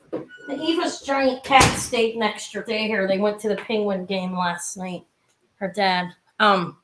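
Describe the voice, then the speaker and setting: A woman's voice: medium pitch, a bit bright. A middle-aged woman chatting casually as she sells jewelry in a live-stream auction, rambling with asides.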